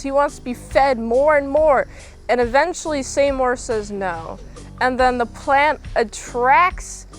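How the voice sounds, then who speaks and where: A young woman vlogger recapping a film in a chatty, sarcastic, exasperated way. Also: fairly high pitch. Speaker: movie review vlogger. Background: faint background music.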